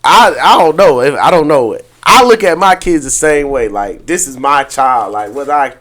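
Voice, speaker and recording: A man's voice: fairly high pitch, expressive, moderate pace, fairly bright tone. A young man co-hosting a casual podcast debate, laid-back, laughing often and swearing freely. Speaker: podcast co-host.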